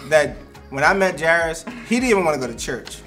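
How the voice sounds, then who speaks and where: A man's voice: fairly high pitch, brisk, over music. Candid young man telling stories. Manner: candid, animated storytelling with frequent laughs. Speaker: ministry co-founder. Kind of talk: casual podcast conversation.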